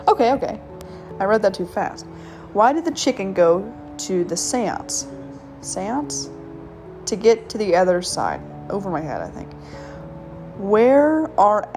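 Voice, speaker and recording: A woman's voice: medium pitch, darkish tone. A woman hosting a casual solo podcast, reading jokes aloud with frequent giggles and stumbling over the punchlines. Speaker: podcast host.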